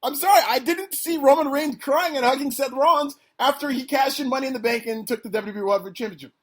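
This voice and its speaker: A man hosting a podcast, delivering an opinionated, sarcastic solo rant that climbs toward near-shouting. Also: extremely high pitch, fast. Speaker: podcast host.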